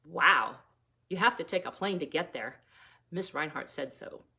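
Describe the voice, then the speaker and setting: A woman voicing a bold, loud, eager ten-year-old girl. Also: deep voice, lively intonation, measured pace, slightly rough, full character voice.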